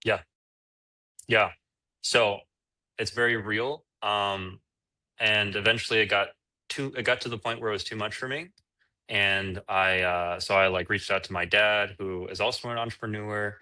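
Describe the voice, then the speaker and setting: A man's voice: fairly low pitch, steady tone, moderate pace, sharp tone. A man, an entrepreneur, answering interview questions in a candid, rambling casual chat. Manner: candid, rambling with fillers and restarts. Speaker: entrepreneur guest.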